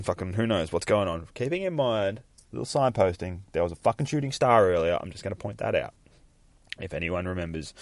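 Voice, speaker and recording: A man's voice: fairly low pitch, dry recording. A young man hosting a podcast, casually recapping a comic book in a rambling, profane way and laughing often as he reads lines aloud. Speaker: podcast host.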